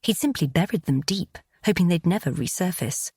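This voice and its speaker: A woman reading a romance audiobook with a low, husky voice. Her storytelling is calm and even. The recording is close and dry. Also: normal speed, no room sound. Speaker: audiobook narrator. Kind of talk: scripted romance narration.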